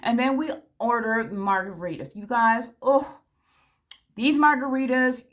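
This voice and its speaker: A woman's voice: on the high side, animated, unhurried. A woman vlogger telling a story in a casual, chatty way, talking straight to her viewers, frank and candid. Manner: chatty, addresses viewers directly.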